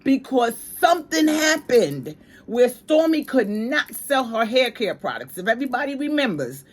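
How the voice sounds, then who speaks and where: A woman's voice: on the high side, big pitch swings, normal speed. Opinionated New woman ranting. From New York. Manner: emphatic, slangy, ranting. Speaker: commentary channel host. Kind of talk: opinionated commentary.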